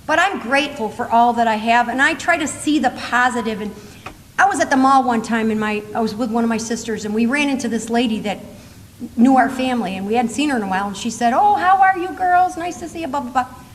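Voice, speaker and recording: A middle-aged woman speaking at a conference, telling funny stories in a chatty, animated way and laughing often. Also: on the high side, fast, a little hiss or hum. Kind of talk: humorous storytelling talk to a live audience. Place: large conference hall. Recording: reverberant hall with faint ambience.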